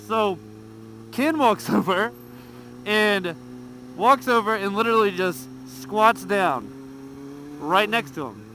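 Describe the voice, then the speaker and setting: On a motorcycle ride, a motovlogger tells a profane hotel story for his casual vlog, picked up by a helmet mic. His voice sits high and he talks slowly with long pauses, laughing and animated, while a faint hiss or hum runs underneath.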